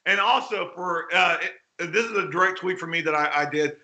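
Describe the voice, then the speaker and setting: A man delivers a fired-up keynote in a conference hall, blunt and exclamatory, slipping into acted-out quotes. His voice sits high and sounds very bright and sharp. The hall gives it a roomy echo. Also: normal speed. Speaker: keynote speaker at a hacking conference.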